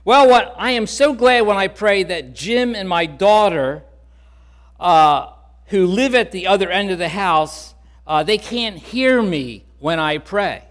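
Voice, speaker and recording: A man's voice: high-pitched, unhurried, voice pushed up. A man putting on a joyful old woman. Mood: excited. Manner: loud, excited storytelling voice. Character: overjoyed elderly woman of seventy-five, healed.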